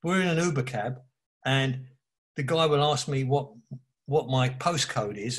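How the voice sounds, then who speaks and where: A man with an East London Cockney accent, telling blunt, animated stories as an author guest in a casual interview. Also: medium pitch, measured pace. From England. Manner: blunt, animated storyteller who swears.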